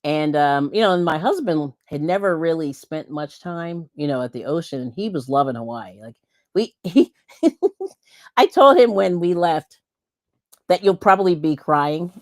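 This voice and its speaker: A woman's voice: deep voice, expressive, measured pace, no room sound, studio quality. A middle-aged woman from Pennsylvania hosting a livestream, chatting casually and laughing often as she reads viewer comments. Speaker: livestream host.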